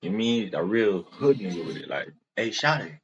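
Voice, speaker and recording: A man's voice: low-pitched, normal speed, over music. A man hosting random video chats, teasing strangers in laid-back slang. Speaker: host. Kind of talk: casual video-chat banter. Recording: dull lo-fi video-chat audio.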